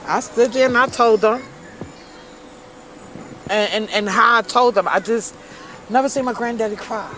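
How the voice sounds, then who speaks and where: Her voice is a little high and a bit bright, with a moderate pace and frequent pauses, over slight hiss or hum on poor audio. An interview guest from Brooklyn, New York, she candidly and emotionally shares her hard life in blunt street talk.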